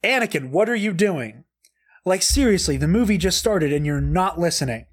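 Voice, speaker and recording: A man's voice: high voice, expressive, normal speed. A man giving a dramatic comedic reading, profane and over the top, laughing often, speaking into a desk mic he has pushed back. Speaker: comedic reader. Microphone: desk mic, pushed back and turned down.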